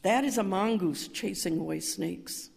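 An older woman minister telling a story in a sermon, calm and measured, rising to emphatic cries. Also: mid-range voice, vocal fry. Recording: reverberant hall.

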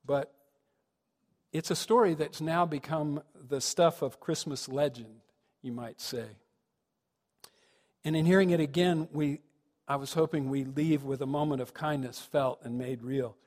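A man's voice: on the high side, fairly even intonation, measured pace, pauses often, a little mellow. A man, a minister, giving a sermon with reflective storytelling that rises to earnest emphasis. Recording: long reverb of a large hall.

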